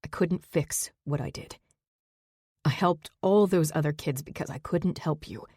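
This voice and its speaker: A woman voicing a remorseful young man in an audiobook, speaking in a raspy, halting whisper. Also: deep voice, no room sound, clean studio sound. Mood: pained. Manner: hushed, halting, broken. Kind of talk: audiobook narration.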